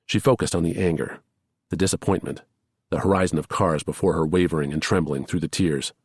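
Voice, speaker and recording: A man narrating a thriller audiobook in a measured, even storytelling manner. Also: low-pitched, breathy edge, no room sound, clean studio sound. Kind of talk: scripted narration.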